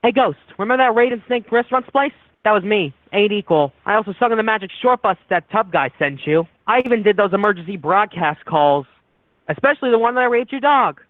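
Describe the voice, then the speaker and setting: A man's voice: high voice, lively intonation, brisk, no echo. A man calling in to a radio show, crude and boastful. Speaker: caller. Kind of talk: call-in boasting. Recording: dry tinny phone line.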